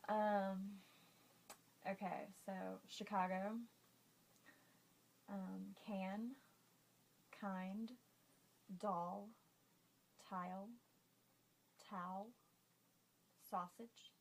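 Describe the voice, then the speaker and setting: A woman's voice: medium pitch, level tone, very slow, vocal fry, pauses often, rough recording. A woman vlogger reading a list of words aloud in a casual, giggly, self-conscious way.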